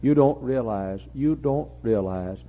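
An older man preaching a sermon, repeating his phrases and building to impassioned, near-shouting peaks. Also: mid-range voice, measured pace. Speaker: pastor. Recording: muffled lo-fi recording.

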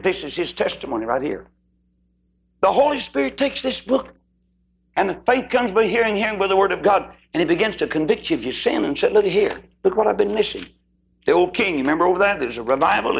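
A male preacher with a gravelly, husky voice delivers a sermon. He swings between loud, emphatic declarations and hushed asides, and his pitch leaps around over a fairly high baseline. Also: highs cut off.

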